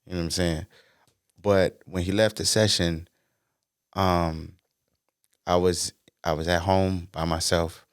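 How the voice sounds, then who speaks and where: A man with a low, smooth voice, talking as a podcast guest. He tells stories in a relaxed, slangy way with plenty of easy fillers. The sound is dry and close. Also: no room sound. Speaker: guest, R&B singer-songwriter. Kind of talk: casual podcast conversation.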